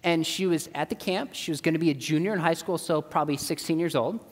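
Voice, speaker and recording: A man's voice: a little high, fast. A middle-aged man giving a church seminar talk, telling stories and acting out the voices of the people in them. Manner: animated, acts out dialogue in quoted voices. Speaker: apologetics speaker. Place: church auditorium. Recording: long reverb of a church hall.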